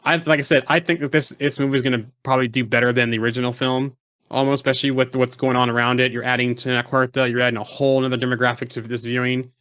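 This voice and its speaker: A man's voice: mid-range voice, flat delivery, fast, a bit bright, no echo, clean studio sound. A man co-hosting a casual podcast chat, rambling with lots of fillers and restarts. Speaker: podcast co-host.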